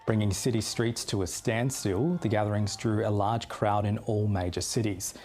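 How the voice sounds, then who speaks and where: A man with an Australian accent presenting the news in a measured, formal studio read. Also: on the low side, fairly even intonation, darkish tone, slight background noise.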